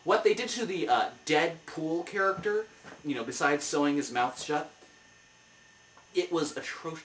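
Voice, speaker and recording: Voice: mid-range voice, normal speed, a bit bright, distant mic. A comic review show host rants through a movie review, heated and exasperated. The voice sits back from the mic in a roomy, echoing space.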